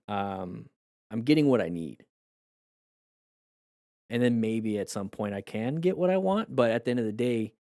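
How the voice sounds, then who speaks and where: Hoarse man musing on a live stream. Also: fairly low pitch, a little mellow, no room sound, studio quality. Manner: reflective and rambling, with many restarts and fillers. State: voice going hoarse. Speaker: motorcycle riding coach streaming live. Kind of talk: casual live-stream chat with viewers.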